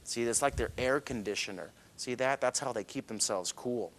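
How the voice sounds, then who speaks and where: A man's voice: medium pitch, normal speed, a bit bright. A middle-aged cartoonist leads a children's drawing lesson with bouncy enthusiasm. He chuckles and spins little stories as he sketches, in a mid-range man's voice.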